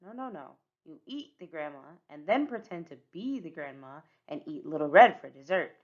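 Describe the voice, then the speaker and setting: A woman reading a children's picture book aloud as the narrator, with expressive storytelling. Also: sits low, moderate pace, dull audio.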